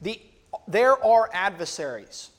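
A preacher giving an expository sermon in a measured teaching manner, reading scripture verses aloud as part of the sermon. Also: medium pitch, lively intonation.

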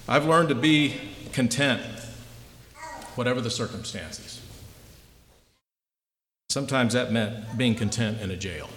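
A man preaching a sermon as a pastor, telling stories with lively, rising delivery. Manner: animated storytelling, voices rising high in anecdotes. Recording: echoey hall, faint noise.

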